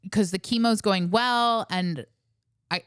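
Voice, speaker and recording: A woman in her thirties co-hosting a podcast, speaking candidly and relaxed in casual chat. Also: mid-range voice, slow, smooth, dry recording, studio quality. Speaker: podcast co-host.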